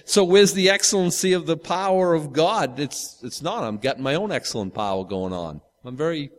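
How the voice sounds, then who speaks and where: Fifties male pastor, chatty rambling sermon delivery, mid-pitched, long hall reverb. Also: expressive, normal speed. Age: 50s. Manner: casual, rambling, with frequent restarts and asides. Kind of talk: conversational sermon.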